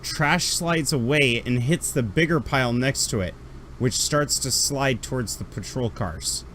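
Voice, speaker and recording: A man running a tabletop role-playing game as game master, narrating scenes and reacting to players with animated energy. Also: measured pace, a little hiss or hum. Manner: animated, laughing, jumps into high character shouts.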